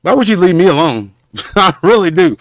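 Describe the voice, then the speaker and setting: A man hosts a livestream and rants at his critics, his somewhat high voice leaping up and down. He rambles and stumbles, then breaks into preacher-like condemnations. The sound is dry and close. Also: very animated, normal speed, dry recording. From Southern Oklahoma. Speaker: show host. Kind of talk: confrontational livestream rant.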